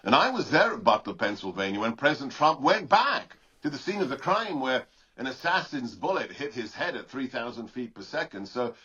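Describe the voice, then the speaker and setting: Husky guy pushing back hard as an interview guest, dull lo-fi sound. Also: medium pitch, big pitch swings, brisk, pushed and bright. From Britain. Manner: combative and emphatic. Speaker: political commentator guest. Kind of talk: political interview commentary.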